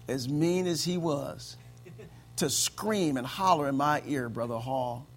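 A man's voice: mid-range voice, slow pace, soft background music. A male pastor preaching a conversational sermon to his congregation, punctuating his points with "amen" and light chuckles. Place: church service with congregation.

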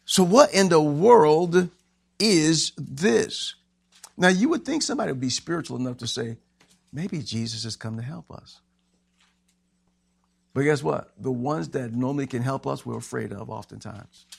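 A man preaching a sermon as pastor, animated and acting out the scenes he tells. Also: on the high side, normal speed, gravelly, husky, no echo. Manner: animated, acts out scenes with shouting voices.

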